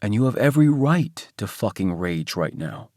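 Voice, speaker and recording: A blunt, unhurried mafia enforcer, as a male audiobook narrator puts him on. He speaks low and quietly, with a matter-of-fact calm. The recording is dry and close, with no room sound. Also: no room sound.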